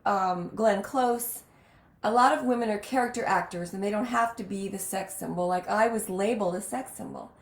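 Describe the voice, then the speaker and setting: Casting note: woman podcast host, emphatic storyteller, mid pitch, roomy echo. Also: normal speed. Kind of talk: casual chat.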